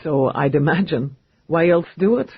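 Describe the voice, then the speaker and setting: A man voicing a wealthy, teasing, smooth-talking man in an audiobook, calm and dryly amused. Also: on the high side, moderate pace, no echo, highs cut off, heavily acted.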